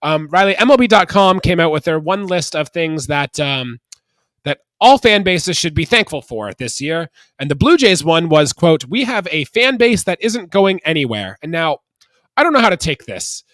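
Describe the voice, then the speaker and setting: A man from Canada hosting a casual sports podcast, chatty and quick to laugh while asking his co-host questions. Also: fairly high pitch, very animated, a bit bright, no room sound.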